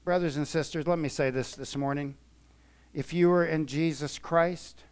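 A man preaching a sermon in a church, emphatic, swinging from soft to loud. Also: fairly high pitch, steady tone, normal speed, smooth. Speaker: pastor.

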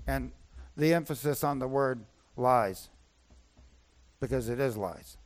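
A man's voice: mid-range voice, takes it slowly, pauses often. A man preaching a sermon as pastor, emphatic and repeating his key points.

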